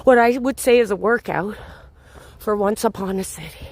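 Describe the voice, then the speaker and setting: A woman's voice: mid-range voice, normal speed, darkish tone, no echo. A woman hosting a livestreamed night walk outdoors in a city park, chatting casually and answering viewers by name as she walks with her phone. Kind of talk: casual live-stream chat, answering viewers.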